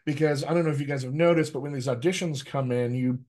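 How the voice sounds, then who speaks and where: A man's voice: mid-range voice, fast. A middle-aged man, a dialect coach, talking energetically to a group and checking in with "right?" as he goes. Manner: lively, addresses the group directly, frequent "right?" tags. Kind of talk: energetic workshop talk.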